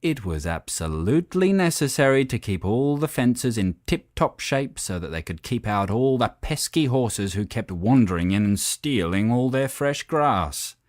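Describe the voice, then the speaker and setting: A man narrating a children's story in an expressive, playful reading style. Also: mid-range voice, moderate pace, few pauses, no room sound, studio quality.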